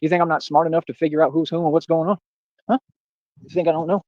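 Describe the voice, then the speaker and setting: Fast-talking boastful man ranting. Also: a little high, little pitch movement, darkish tone, no room sound, lo-fi sound. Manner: boastful, confrontational, repeats "what are you talking about". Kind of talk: ranting livestream monologue.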